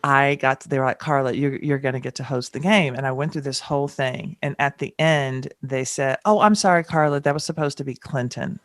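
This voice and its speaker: A woman's voice: rumbling low, a little fast, few pauses, no room sound, studio quality. A middle-aged woman from the American South, telling candid stories as a podcast guest and acting out past exchanges. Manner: animated, acts out past exchanges with rising exclamations. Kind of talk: candid storytelling in a podcast interview.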